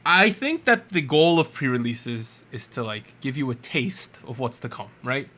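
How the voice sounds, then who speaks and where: A man co-hosting a casual podcast chat, trading quick, animated, jokey opinions. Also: mid-range voice, slight background noise. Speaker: podcast co-host.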